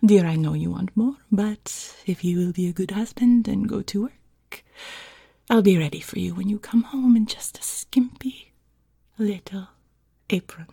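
Whispered role-play: woman doing a husky French housewife, fake French accent, teasing, dry close sound. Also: medium pitch, a little slow, mellow, no room sound. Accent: put-on French. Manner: breathy, teasing, giggly. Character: seductive French housewife sending husband off.

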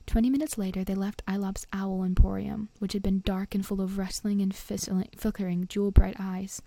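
A woman reading a storybook aloud in a soft, often whispered voice. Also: medium pitch, little pitch movement, fairly quick, gravelly, hardly any pauses, no echo. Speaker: reader.

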